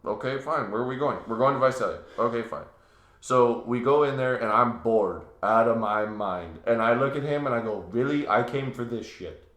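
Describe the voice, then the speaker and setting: A man's voice: mid-range voice, normal speed, echoey room. A man chatting on a podcast, telling funny stories and acting out other people's voices. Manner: animated, acts out quoted voices. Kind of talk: casual storytelling chat.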